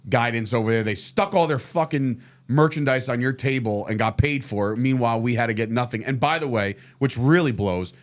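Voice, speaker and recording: Man, podcast co-host, mid pitch, ranting, sarcastic, casual. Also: brisk, hardly any pauses.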